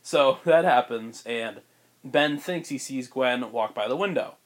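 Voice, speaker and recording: A man co-hosting a podcast, pitching a story in rambling casual chat with many fillers and frequent laughs. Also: a little slow. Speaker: podcast co-host.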